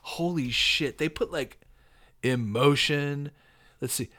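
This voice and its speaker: A man hosting a show, chatting casually and reacting with excited laughs and swearing as he types prompts. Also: a little high, takes it slowly. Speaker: podcast host. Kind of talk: casual commentary while typing prompts.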